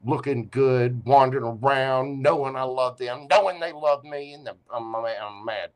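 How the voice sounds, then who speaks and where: A man's voice: medium pitch, normal speed, close to an everyday voice. A man voicing a sulking, angry lover who mutters that he is mad and grumbles petulantly.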